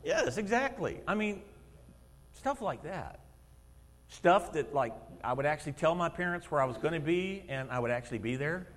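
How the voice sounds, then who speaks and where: Lively fifty-something man preaching. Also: a little high, moderate pace. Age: 50s. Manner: animated storytelling, acts out quotes, laughs often. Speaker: lay preacher and schoolteacher. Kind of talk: sermon. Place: church sanctuary. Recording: long reverb of a church hall.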